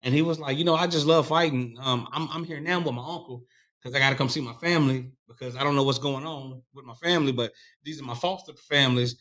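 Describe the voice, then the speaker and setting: A man's voice: medium pitch, fast talker, fairly bright tone. A man on a podcast telling a rambling, profane story in casual chat.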